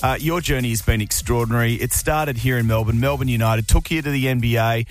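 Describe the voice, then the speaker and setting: A man's voice: medium pitch, fairly even intonation, fast, no room sound, faint music behind. A man hosting a radio show, conversationally introducing a guest and leading into a question. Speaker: radio host.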